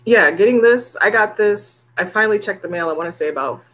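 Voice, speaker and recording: Woman in her 30s vlogging, bright voice, chatty and heartfelt, laughs a lot. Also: mid-range voice, lively intonation, brisk. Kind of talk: casual chat to camera.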